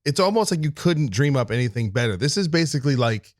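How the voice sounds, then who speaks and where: A man's voice: medium pitch, animated, quick pace, no echo, clean studio sound. A man hosting a podcast, steering the casual chat with short agreeing words and follow-up questions. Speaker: podcast host.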